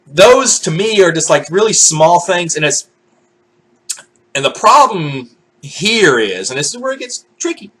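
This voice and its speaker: A man's voice: high voice, a little slow, slightly rough. A man ranting casually to camera in a vlog, swearing freely and acting out what other people say. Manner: profane, animated, acts out quoted voices. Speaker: vlogger.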